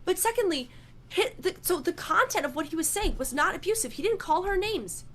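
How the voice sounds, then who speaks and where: A woman's voice: very high voice, very animated, fairly quick, fairly bright tone. A woman in a heated debate, insistent and argumentative, often restarting her sentences. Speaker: debate guest.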